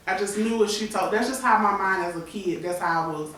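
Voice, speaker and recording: A woman's voice: medium pitch, brisk, fairly bright tone. A woman in her thirties candidly recounting a painful personal story on a talk show, acting out the people she quotes. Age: 30s. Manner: candid, tearful retelling with acted-out quotes. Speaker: guest. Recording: echoey room, voice from far off the mic.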